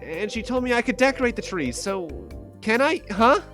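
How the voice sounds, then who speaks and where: A man voicing a cheerful, excitable little girl from a video game, in a bubbly sing-song falsetto. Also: normal speed, soft background music. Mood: asking. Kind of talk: reading game dialogue aloud on a stream.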